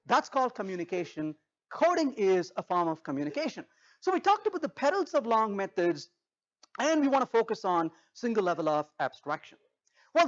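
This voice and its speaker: A man giving a humorous technical talk at a conference, an animated storyteller who acts out dialogues. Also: extremely high pitch, muffled recording. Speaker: conference speaker. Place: conference stage.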